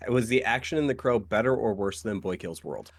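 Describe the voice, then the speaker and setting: Low voiced guy on a podcast, dry short comments, dead dry sound. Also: brisk, vocal fry, slightly rough, no room sound. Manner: brief dry remarks and questions. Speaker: podcast co-host. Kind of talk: casual chat.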